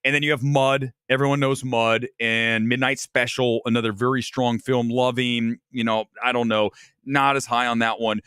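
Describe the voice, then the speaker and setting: A man's voice: medium pitch, flat delivery, normal speed, fairly bright tone, smooth, dry recording, studio quality. A man from Ohio hosting a casual live-stream film review, opinionated and talking straight to his viewers. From Ohio, USA. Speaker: movie review host.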